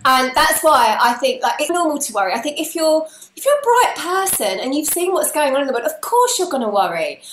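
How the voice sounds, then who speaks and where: A woman's voice: sits high, big pitch swings, a little fast, few pauses, a bit bright. A woman guest on a podcast, talking in an earnest, heartfelt way in casual conversation. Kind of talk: casual chat. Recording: roomy echo with faint noise.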